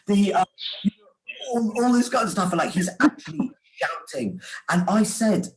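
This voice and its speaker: Over a video call, a man who is both an author and a sandwich shop owner tells stories in casual chat, animated and laughing often, with quick restarts. His voice sits high and the recording is rough.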